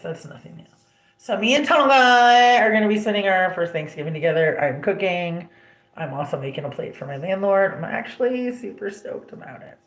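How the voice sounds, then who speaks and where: A woman's voice: mid-range voice, a bit bright, echoey room. A young woman hosting a casual livestream, telling family stories bluntly, with heavy swearing and many "like" fillers. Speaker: livestream host.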